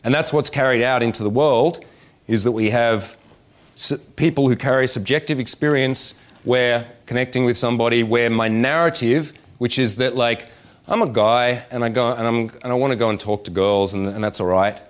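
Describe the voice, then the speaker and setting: A man delivering a live seminar as a dating coach, his voice sitting at an ordinary middle pitch. He talks in an animated, profane and joking way and keeps slipping into voices to act out little scenes. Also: moderate pace. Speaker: dating coach speaking at a workshop. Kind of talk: live seminar talk to an audience. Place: indoor event room with about 160 people.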